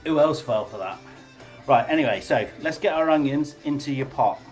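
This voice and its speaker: A man's voice: fairly high pitch, normal speed, faint music behind. A man hosting a casual live cooking class, chatty, jokey and informal as he demonstrates.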